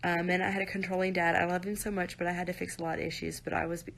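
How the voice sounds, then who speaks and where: A woman's voice: fairly low pitch, flat delivery, very fast, creaky, a bit bright. A woman on a live stream, talking to viewers in an earnest, direct way and often saying "you guys" and "like". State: near tears at times.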